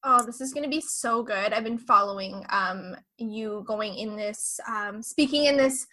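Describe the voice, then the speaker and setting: A woman's voice: a little high, normal speed, pushed and bright. A young woman hosting a podcast in an effusive, gushing casual chat, dropping mild swears. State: pregnant. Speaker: podcast host.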